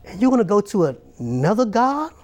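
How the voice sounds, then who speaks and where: A man's voice: high-pitched, big pitch swings, moderate pace, darkish tone. A man preaching a sermon, emphatic and repetitive, building his points up line by line.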